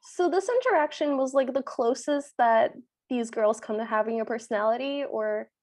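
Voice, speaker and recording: Podcast co-host, woman, sarcastic and exasperated, a bit higher voice. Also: animated, moderate pace, a little mellow. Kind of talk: casual chat recapping a film.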